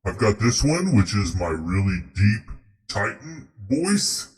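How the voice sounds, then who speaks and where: Brief: deep, gruff, raspy hero growl from a man on a voice changer, lively swings. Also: takes it slowly, exaggerated voice. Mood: boastful. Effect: voice changer software.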